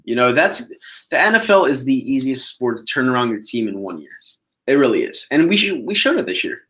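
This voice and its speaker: A man's voice: medium pitch, brisk. A man hosting a casual solo sports podcast, talking bluntly and swearing as he answers viewer questions. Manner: blunt, profane, animated ranting.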